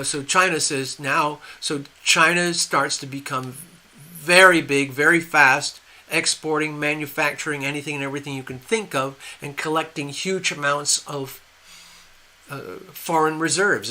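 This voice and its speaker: Older man, live-stream host, opinionated, rambling, restarts, higher voice. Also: moderate pace, bright, forceful tone. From USA.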